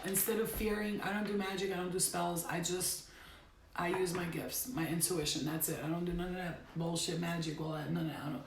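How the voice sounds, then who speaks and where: A woman's voice: lowish voice, fairly even intonation, brisk, vocal fry, echoey room, noisy background. A woman giving a casual spiritual reading at home, talking bluntly and emphatically and swearing now and then. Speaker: tarot reader. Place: bedroom at home.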